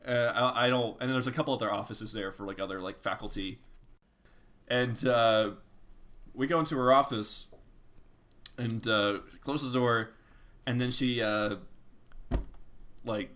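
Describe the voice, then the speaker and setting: Young man, bright tone, animated storyteller, lots of fillers, casual podcast chat. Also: mid-range voice, measured pace, pauses often. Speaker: podcast co-host telling a story.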